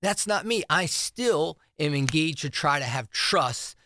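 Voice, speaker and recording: A middle-aged school superintendent from New Jersey answers radio interview questions earnestly, walking through budget figures and numbers. His fairly high voice is expressive, pushed, and bright at a measured pace, recorded with clean studio sound and no echo.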